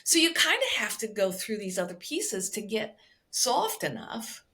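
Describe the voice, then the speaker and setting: A woman's voice: medium pitch, sing-song, unhurried, pushed and bright, slight background noise. A woman speaking as a guest somatic healer on a podcast, explaining expressively and checking in with frequent "right?" asides. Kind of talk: conversational podcast interview.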